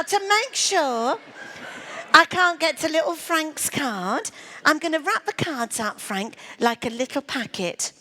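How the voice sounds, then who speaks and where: High-voiced woman teasing on stage. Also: sharp tone. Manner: teasing and flirty, calls the volunteer darling. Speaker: comedy magician. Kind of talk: stage comedy patter with a volunteer.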